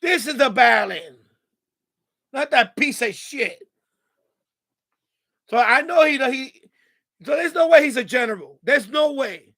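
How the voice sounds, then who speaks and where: A man's voice: very high-pitched, animated, a little slow, gravelly, pauses often, sharp tone. A man hosting an amateur radio livestream, in an angry, profane, repetitive rant. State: mad. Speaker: ham radio livestream host.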